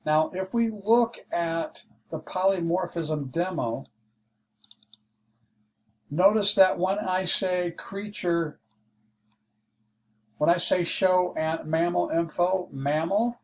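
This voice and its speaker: A man teaching a programming lesson, walking through code slowly and thinking aloud as he explains. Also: high voice, darkish tone. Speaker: programming instructor. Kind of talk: screen-share coding lesson. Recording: dull lo-fi mic with faint hiss.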